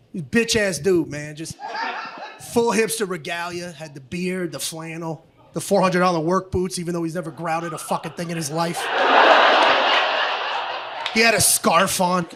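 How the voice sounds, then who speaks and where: A middle-aged man performs stand-up on a club stage. His voice sits unusually high, and he rants loudly and profanely, often breaking into shouts. The recording carries plenty of noise. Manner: loud, profane, ranting with frequent shouting. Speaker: stand-up comedian. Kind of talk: stand-up comedy set. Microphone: handheld stage mic. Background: audience laughter.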